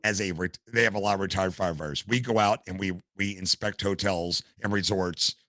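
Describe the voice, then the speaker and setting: An older man, a podcast guest, telling stories in a casual, animated way and acting out what others said. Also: deep voice, a little fast, no room sound. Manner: animated storyteller, acts out quotes. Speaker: podcast guest, gamer and streamer. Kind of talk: casual storytelling interview.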